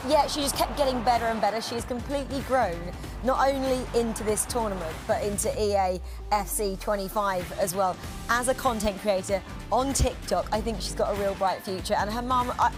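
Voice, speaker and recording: A woman giving relaxed, conversational studio analysis. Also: mid-range voice, normal speed, over music. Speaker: pundit.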